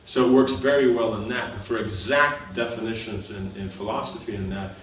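Speaking a little fast in a lowish register, this male spiritual teacher works through scripture with patience, repeatedly making sure his class understands. He sits far from the mic in an echoing room, and noise lingers in the background.

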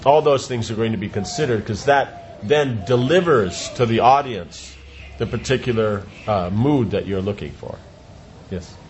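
A man's voice: fairly low pitch, expressive, moderate pace. A man teaching a class in an informal discussion, explaining with everyday examples and checking that students follow. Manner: explains with everyday examples, often asks if it makes sense. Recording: dull lo-fi sound with light noise.

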